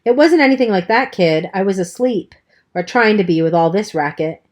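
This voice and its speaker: A woman's voice: mid-range voice, animated, normal speed, a little mellow, natural voice. Cocky teen hoodlum, brash and offhand, voiced by a woman narrator. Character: tough cocky teenage boy hood, gruff.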